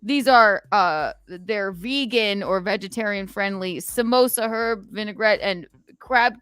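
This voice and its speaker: A woman podcast host in casual chat, reading a long list fast and giggling between words. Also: medium pitch, fairly bright tone, clean tone, no room sound. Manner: reads in rapid fire, giggling through words.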